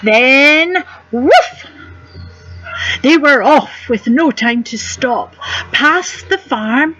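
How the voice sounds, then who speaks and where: A woman's voice: high voice, takes it slowly, fairly bright tone, highs cut off. A woman reading a rhyming picture book aloud to children, gasping and asking the listener questions. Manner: gasps and asks the listener questions. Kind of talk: animated read-aloud storytelling.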